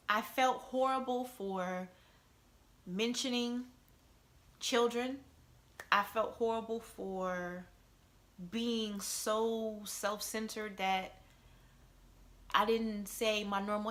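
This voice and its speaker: Bright-voiced mother telling a heartfelt story. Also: on the high side, a little slow. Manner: emotional, conversational, many "you know" and "right?" asides. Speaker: vlogger telling a personal story.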